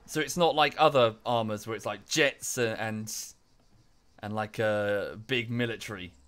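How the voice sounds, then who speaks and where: A man's voice: lowish voice, a little slow, fairly bright tone. A man streaming live, chatting casually in a rambling way with many fillers and restarts, thanking viewers in chat as he goes.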